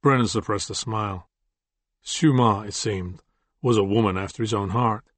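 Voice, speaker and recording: A man's voice: on the low side, steady tone, no room sound. Man reading an audiobook, dry sound. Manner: measured, descriptive reading. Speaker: audiobook narrator. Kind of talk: scripted narration.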